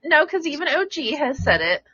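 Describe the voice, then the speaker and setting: A woman's voice: high voice, sing-song, brisk, sharp tone, no echo, highs cut off. A woman co-hosting a casual podcast, telling rambling stories and laughing often. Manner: rambling storyteller, laughs easily. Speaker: podcast co-host. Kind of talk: casual chat.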